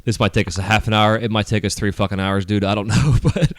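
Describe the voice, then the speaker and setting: A middle-aged man with a low, smooth and resonant voice hosts a casual podcast chat. He rambles through his points with plenty of fillers and frequent swearing. The recording is dry and close, spoken into a handheld mic. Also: fairly even intonation, fast talker, dry recording. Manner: rambling, profane, heavy with fillers. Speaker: podcast host.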